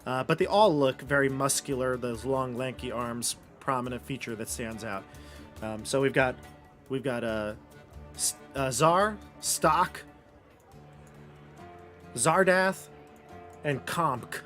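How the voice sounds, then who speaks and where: A man's voice: mid-range voice, takes it slowly, pauses often, fairly bright tone, faint music behind. A man narrating a tabletop role-playing game as game master, in rambling, chatty descriptions full of fillers.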